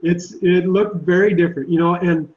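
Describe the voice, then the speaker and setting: A man's voice: high-pitched, fairly even intonation, moderate pace, muffled recording. A man who leads a Christian summer camp, speaking earnestly and reflectively in an interview. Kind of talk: podcast interview.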